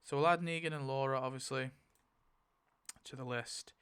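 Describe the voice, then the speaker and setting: A man in casual, rambling commentary while spinning a wheel to rewrite a story, getting excited at results and briefly quoting characters. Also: mid-range voice, moderate pace, clear, resonant tone. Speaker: YouTuber.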